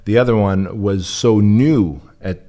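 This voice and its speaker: A man's voice: lowish voice, unhurried, dark tone. A man from Armenia, the guest in an interview, telling his story bluntly and with profanity. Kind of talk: candid interview talk.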